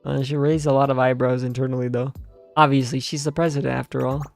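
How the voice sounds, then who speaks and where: Gravelly young man rambling sarcastically. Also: mid-range voice, flat delivery, quick pace, faint music behind. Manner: rambling, sarcastic, slangy, full of fillers. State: tired, half asleep. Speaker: streamer reacting to a game story. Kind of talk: casual rambling commentary.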